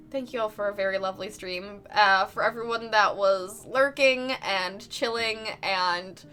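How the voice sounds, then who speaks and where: Bright, giggly woman streamer. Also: medium pitch, unhurried, few pauses. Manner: effusive, giggly, chatty with frequent laughs. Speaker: artist live-streaming her drawing. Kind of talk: casual live-stream chat with viewers. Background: faint background music.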